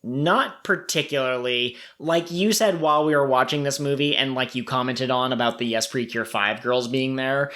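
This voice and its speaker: A mid-pitched man in casual podcast chat about an anime series. He talks loosely with lots of fillers and laughs, and his voice jumps up high when he quotes characters. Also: moderate pace, few pauses, pushed and bright. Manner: chatty, laughs often, quotes characters in a raised voice. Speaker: podcast co-host.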